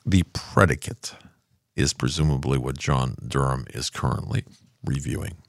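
Older male commentary host, deep and gravelly, casual rambling delivery, dry home-studio sound. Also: moderate pace, dry recording. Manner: rambling, loses his thread and restarts.

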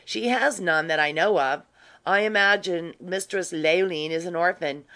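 Grave gentleman with quiet malice, dry delivery, voiced by the narrator. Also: mid-range voice, moderate pace. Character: grave, quietly sly gentleman Ormiston, man. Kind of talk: audiobook reading.

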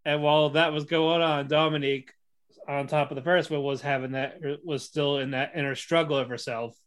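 A man casually recapping an anime episode, excitable, acting out the characters' lines and laughing often. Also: on the high side, fairly quick, smooth. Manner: excitable storytelling, acts out quotes, laughs often. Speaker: podcast co-host reviewing an anime. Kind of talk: casual chat.

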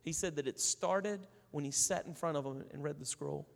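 A man's voice: fairly high pitch, moderate pace, gravelly, in a large hall. A man preaching a sermon in a conversational way, telling stories and acting out the people in them. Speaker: pastor.

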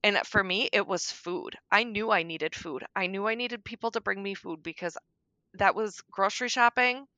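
Bright-voiced woman, frank and darkly funny. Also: medium pitch, normal speed, no echo, muffled recording. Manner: frank, darkly joking, soft-spoken at times. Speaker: podcast guest. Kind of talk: candid conversation about grief.

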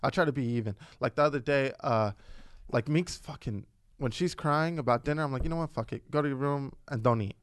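A man's voice: mid-range voice, brisk, clean tone, no room sound. Swearing storyteller man, dry close mic. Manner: animated storyteller, swears a lot, acts out his kids' voices. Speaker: podcast co-host. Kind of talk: casual chat.

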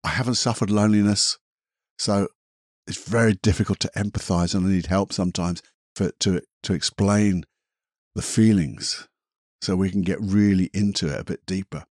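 Gentle rambling male therapist, husky. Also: low voice, steady tone, moderate pace, no room sound, studio quality. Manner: gentle, rambling, self-correcting. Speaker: therapist podcast host. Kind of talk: reflective podcast monologue with guided imagery.

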